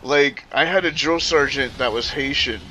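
A man streaming, ranting casually to his chat in an animated, profane, rambling way with frequent self-corrections. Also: medium pitch, normal speed, slight background noise.

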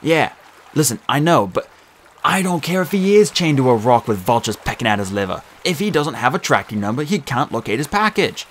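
A man's voice: medium pitch, sing-song, a little fast, a little hiss or hum, natural voice. Guy doing a smug playful god, british-aussie accent, bouncy delivery. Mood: breezy. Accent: mixed British-Australian, put on. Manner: breezy, teasing. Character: sly male god, smooth-talking and playful. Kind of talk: audiobook reading.

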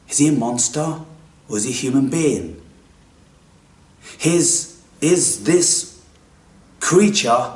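A man's voice: a little high, big pitch swings, unhurried, long pauses. Theatrical man in an echoey room. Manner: dramatic, swings from hushed whispers to loud outbursts. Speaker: spiritual video maker. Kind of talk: theatrical spiritual monologue. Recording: echoey room, distant mic.

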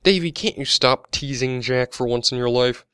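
A man's voice: sits low, normal speed, pushed and bright, no room sound, studio quality. A man voicing a scolding, motherly middle-aged woman who complains about the young people. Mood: scolding, wistful. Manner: complaining, fussy.

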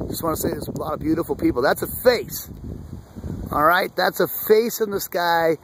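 An excitable man rambles on about what he sees, talking about himself by his nickname. His voice sits a little high, and wind roars loudly across the phone mic outdoors. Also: moderate pace. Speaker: vlogger. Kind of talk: excited off-the-cuff vlog commentary. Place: outdoors under an open sky.

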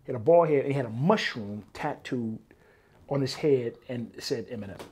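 A man telling stories as an interview guest, animated, swearing freely, peppering his talk with "man" and acting out other people's lines. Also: medium pitch, brisk, husky. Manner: animated, swears often, keeps saying "man". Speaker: interview guest, former bodyguard. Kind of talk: casual storytelling.

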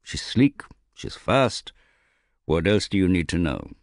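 A man doing a stern, gruff sea captain. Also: sits low, expressive, takes it slowly, dry recording, clean studio sound, pitched above the performer's own voice, full character voice. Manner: curt, blunt, speaks of his ship proudly. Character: stern gruff middle-aged male ship captain.

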